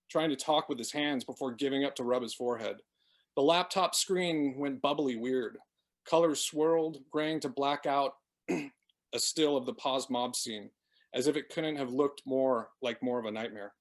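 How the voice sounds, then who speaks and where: A man, the author, reading his novel aloud in a steady, measured way. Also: medium pitch. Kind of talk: dramatic book reading.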